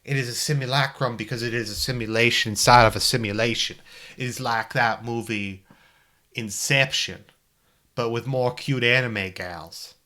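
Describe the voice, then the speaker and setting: A man's voice: mid-range voice, moderate pace, sharp tone, natural voice. A man doing a drawling old-timey Southern boy. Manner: mock-grand, drawling, folksy narration. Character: listless teenage boy narrator with an old-fashioned Southern drawl. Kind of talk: dramatic reading of a visual novel.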